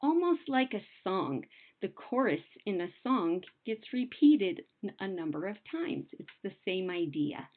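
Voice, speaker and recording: A young adult woman teacher explaining poetry to children in a patient, sing-song way, slowing down to sound out words. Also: medium pitch, very animated. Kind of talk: recorded classroom lesson. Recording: phone-like narrow sound.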